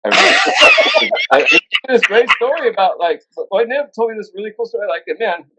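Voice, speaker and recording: A man guesting on a podcast, excitedly telling a story, repeating himself and laughing as he goes. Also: high-pitched, fast, very noisy. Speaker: guest musician. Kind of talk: casual chat.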